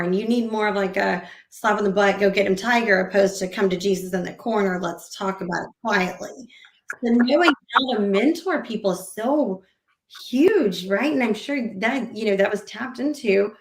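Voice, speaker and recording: In a casual podcast interview, a woman with a medium-pitched, gravelly voice chats animatedly. She slips into acted-out quotes of what people said, and the roomy recording carries noticeable echo.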